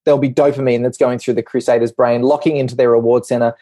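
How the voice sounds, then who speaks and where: A man with a dark, mellow voice explains things to a podcast host, and he is clearly a doctor. He talks with energy and drops into quick put-on voices for his examples. The recording is close and dry. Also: mid-range voice, no echo. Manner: animated, acts out little voices in his examples.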